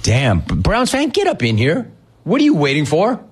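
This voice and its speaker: A man's voice: on the high side, wildly swooping pitch, moderate pace, breathy edge. A man hosting a sports talk show, ranting in a sarcastic, mocking, incredulous way. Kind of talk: opinionated sports rant.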